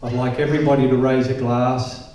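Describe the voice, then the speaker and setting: An older man giving a measured wedding toast at a reception. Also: mid-range voice, level tone, a little mellow. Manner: slow, measured delivery. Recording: echoey hall, distant mic.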